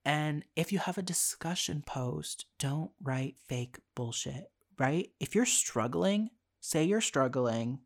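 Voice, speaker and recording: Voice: mid-range voice, animated, takes it slowly, few pauses. Profane, exasperated young podcast host. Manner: profane, exasperated and frank, with frequent fillers; laughs between phrases. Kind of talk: casual storytelling rant.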